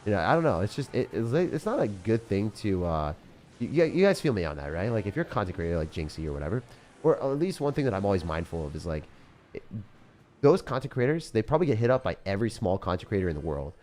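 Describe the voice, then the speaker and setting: A man's voice: fairly low pitch, sing-song, fast, darkish tone, slight background noise. A young man streaming a mobile game, chatting casually and laid-back with viewers, saying dude and bro and laughing often. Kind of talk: casual live-stream chat.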